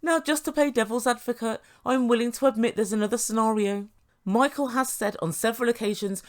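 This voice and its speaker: A woman's voice: fairly high pitch, fairly quick, darkish tone. A woman giving sarcastic commentary on a reality TV show as a reviewer. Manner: sarcastic, mimics the people she quotes.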